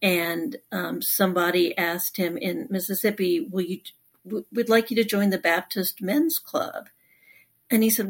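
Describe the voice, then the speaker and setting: A woman from Texas, an author guest in an interview, telling stories in a calm, reflective way. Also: on the low side, unhurried. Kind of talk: conversational interview.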